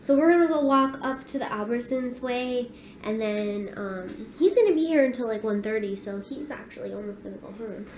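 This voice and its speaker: A woman's voice: a little high, normal speed, darkish tone. A woman vlogging casually at home and out on walks, chatting to the camera and breaking into squealy baby talk with her pets. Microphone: handheld compact camera. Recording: noisy handheld home recording.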